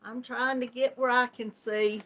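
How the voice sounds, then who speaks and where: A middle-aged woman with a warm Southern drawl chats casually on a live stream and welcomes viewers by name. Her voice sits high and bright. She talks at an easy, unhurried pace, with affectionate words like hon and sweetheart. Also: fairly even intonation. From Georgia, US. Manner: chatty, affectionate, calls viewers hon and darling. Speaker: host greeting live chat viewers.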